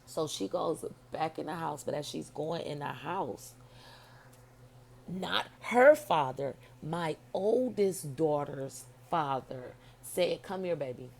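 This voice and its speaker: Woman, middle-aged, profane animated storyteller, faint hiss in the background. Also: low voice, slow pace, vocal fry. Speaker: vlogger telling her dream. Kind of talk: casual storytelling.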